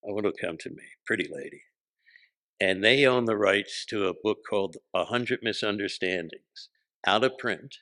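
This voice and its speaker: A man, a podcast guest telling stories in animated casual chat, acting out the voices he quotes. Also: on the low side, normal speed. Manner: animated, acts out quoted voices, laughs often.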